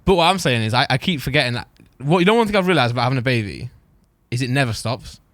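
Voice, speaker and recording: A young man with a very lively voice that keeps leaping up high as he gets excited. He talks fast and laughs often while telling stories. The sound is close and dry. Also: no room sound. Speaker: podcast co-host. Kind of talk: casual chat.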